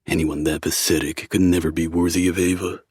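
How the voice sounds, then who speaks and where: A man narrating a first-person audiobook in a brooding, measured way. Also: sits low, flat delivery, darkish tone, husky, no room sound, studio quality.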